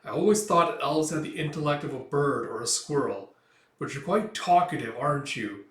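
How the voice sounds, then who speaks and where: A man voicing a cruel, gloating monstrous male count who speaks slowly with contempt. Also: on the high side, lightly acted. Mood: sneering. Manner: sneering, slow and contemptuous. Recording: roomy, distant mic.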